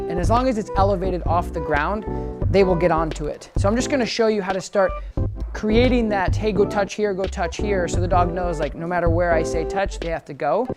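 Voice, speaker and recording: A woman dog trainer talking through a training demonstration in a casual, explanatory way. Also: fairly low pitch. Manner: chatty and explanatory, with frequent restarts. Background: background music.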